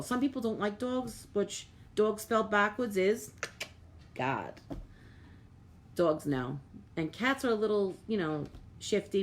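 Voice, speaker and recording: A middle-aged woman medium, hosting a live stream and talking earnestly to viewers, with lots of "like" and repeated words. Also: mid-range voice. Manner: reads out viewer comments and thanks viewers by name.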